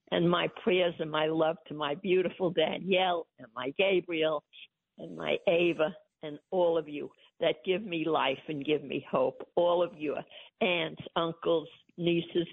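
A woman's voice: deep voice, creaky, no room sound. An older woman, calling into a radio show, talking in an effusive, emphatic and doting way. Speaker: guest, host's mother. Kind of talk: casual phone-in chat. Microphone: phone. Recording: tinny phone line.

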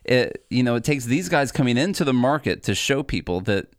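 A man's voice: mid-range voice, very animated, a little fast, no room sound, studio quality. Chatty man co-hosting a podcast. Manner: chatty, laughs easily, promotional sign-off. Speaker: podcast co-host. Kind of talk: casual political podcast chat.

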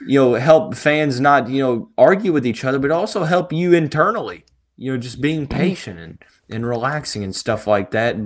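A man hosts a sports podcast in an easy, casual way. He talks in a halting but reassuring manner and often restarts his sentences. His voice sits at an average pitch for a man. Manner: reassuring, halting, repeats words. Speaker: podcast host.

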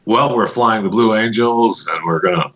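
A man's voice: on the low side, normal speed, a bit bright, dull audio. A man hosting a podcast in casual, jokey, rambling chat, testing his microphone on air. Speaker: podcast host. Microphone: studio podcast microphone with adjustable settings.

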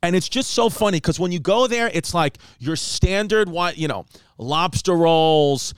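A man from New York hosting a comedy podcast, telling stories in a casual, animated way and acting out quotes. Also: sits high, a little slow, clean tone, no echo, clean studio sound. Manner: animated storyteller, acts out quotes. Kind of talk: casual storytelling chat.

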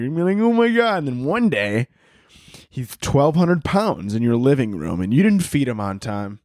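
A man's voice: on the high side, very animated, moderate pace, a little mellow, no room sound, clean studio sound. A young man hosting a solo comedy podcast, ranting crudely and acting out little characters in his bits. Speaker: podcast host.

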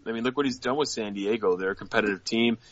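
A man's voice: on the low side, fast, dry recording. A man co-hosting a casual fan podcast, giving firm opinions and reading viewer questions aloud. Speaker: co-host of a hockey fan show. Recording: dry, dull lo-fi mic.

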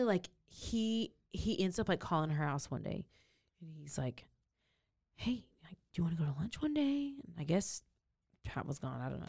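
A woman co-hosting a podcast, telling a true crime story in casual chat and acting out the people's lines. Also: mid-range voice. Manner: animated storytelling, acts out characters' lines.

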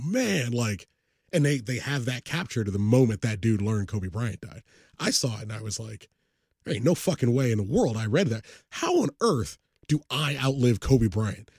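A man's voice: mid-range voice, breathy edge, no echo, clean studio sound. A man co-hosting a sports podcast in loose, profane casual chat. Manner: profane, animated, breaks into song. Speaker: podcast co-host.

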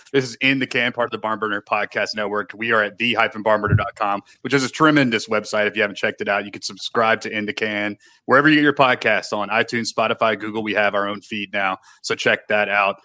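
A man hosts a podcast in rapid, upbeat chat. His voice is bright and forward as he eagerly introduces the show and his guest. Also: lowish voice, fairly even intonation, dry recording. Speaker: podcast host.

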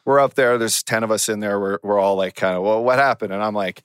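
A man's voice: fairly low pitch, quick pace, clean tone, no echo, clean studio sound. A man, a podcast co-host and former hockey player, telling a laid-back locker-room story with plenty of swearing and laughs. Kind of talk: casual storytelling chat.

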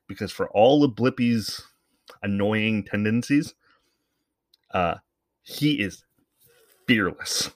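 Low-voiced guy ranting on his podcast, sarcastic, swears a lot, dry sound. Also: sharp tone, dry recording. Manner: sarcastic, profane, rambling. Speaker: podcast host. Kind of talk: casual commentary.

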